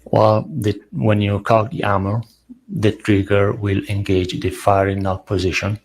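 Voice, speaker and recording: A man with an Italian accent testifying as a firearms expert, giving measured, technical explanations. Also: on the low side, fairly even intonation. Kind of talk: courtroom testimony.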